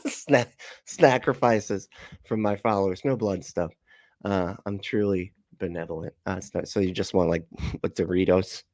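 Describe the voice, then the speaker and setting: A man's voice: sits low, measured pace, a little mellow, no echo, clean studio sound. A man hosting a casual reaction livestream, laughing often, greeting chat viewers and making sarcastic remarks. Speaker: livestream host reacting to a video.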